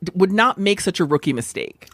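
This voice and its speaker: A woman's voice: lowish voice, animated, brisk, fairly bright tone, dry recording, clean studio sound. A young adult woman guest on a podcast chatting casually, reacting with gasps and groans. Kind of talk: casual chat.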